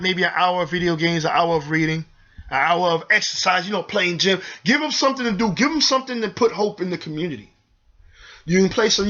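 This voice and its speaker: A man's voice: high voice, sharp tone, highs cut off. A young man hosting his own show, giving earnest, preachy advice straight to viewers in a direct, urgent way. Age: young adult. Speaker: show host. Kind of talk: earnest community advice monologue.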